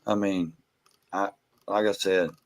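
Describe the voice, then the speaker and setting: A man hosts a live stream in a relaxed, worn-out manner. His voice sits a little low, and his talk is casual and easygoing. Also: slow, crowd noise. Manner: tired, laid-back sign-off. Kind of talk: casual chat.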